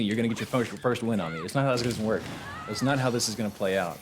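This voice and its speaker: Low-voiced man trash-talking on stream. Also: racing, background noise. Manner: excitable, profane trash talk to chat. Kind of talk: casual live-stream gameplay commentary.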